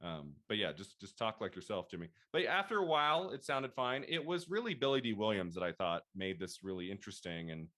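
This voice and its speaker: A man in his thirties talks through a film with a bright, ringing voice that sits a little low. He chats loosely, laughs often, and slips into animated quotes of his own reactions. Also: brisk, few pauses. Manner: chatty, laughs often, animated quoting of himself. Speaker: podcast host. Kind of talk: casual film discussion.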